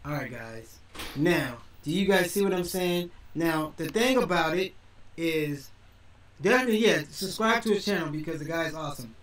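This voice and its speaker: A man's voice: a little high, lively intonation, normal speed, a bit bright, roomy sound, distant mic, a little hiss or hum, rough recording. A man hosting a reaction video, rambling casually, repeating himself and restarting his sentences.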